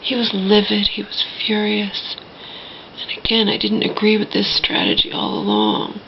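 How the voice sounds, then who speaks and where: A woman's voice: mid-range voice, big pitch swings, moderate pace, vocal fry, muffled recording, slight background noise. A woman ranting to her viewers in an indignant, mocking way, swearing and talking straight to the people watching. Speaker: vlogger. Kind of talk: angry personal rant to camera.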